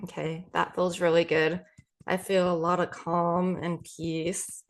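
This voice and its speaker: Soft-spoken woman coach doing tapping affirmations, slow and gentle with lots of ums. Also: on the low side, little pitch movement. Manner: gentle, repeats affirmations slowly with many ums. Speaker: podcast host and EFT coach.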